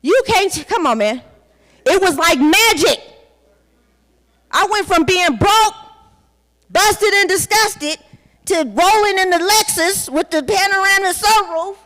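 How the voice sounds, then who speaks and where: A woman's voice: very high voice, lively intonation, slow pace, pauses often, fairly bright tone. A woman in her forties giving a candid, blunt personal testimony with some profanity at a conference. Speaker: conference speaker. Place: large conference hall. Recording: long hall reverb.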